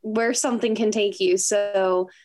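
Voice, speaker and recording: This is a woman musician talking in a relaxed interview. She rambles with plenty of fillers, and laughter keeps breaking into her talk. Her pitch sits in the middle range. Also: unhurried. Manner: chatty, laughs often, many fillers. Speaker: musician guest. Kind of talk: casual interview chat.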